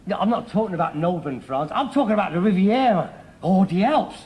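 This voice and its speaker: An actor playing a scornful, daydreaming son, coaxing and mocking in turn. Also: male voice, high voice, big pitch swings, moderate pace, a little mellow. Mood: dreamy. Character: ambitious, scornful working-class son, middle-aged. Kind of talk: 1960s-70s TV sitcom acting. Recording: faintly hissy archive TV recording, far laughter.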